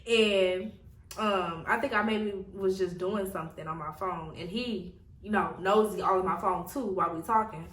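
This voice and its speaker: A young woman tells a story to her viewers in a casual vlog. She talks in an animated way, laughs a lot and keeps calling out to her viewers. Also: mid-range voice, normal speed, roomy sound, recorded from a distance, low-quality recording. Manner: animated, laughing often, addresses viewers as y'all. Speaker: vlogger.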